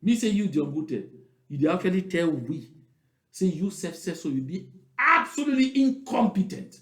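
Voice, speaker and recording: A man's voice: high voice, sing-song, normal speed, fairly bright tone. A man with a Cameroonian Pidgin English accent giving emphatic political commentary, repeating points and firing rhetorical questions. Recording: roomy echo.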